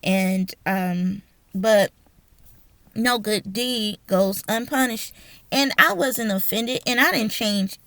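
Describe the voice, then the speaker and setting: A woman's voice: medium pitch, slow, no echo. A woman teacher telling a personal story, acting out the voices of the people in it. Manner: animated, acts out the voices in her story. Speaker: teacher and educational consultant.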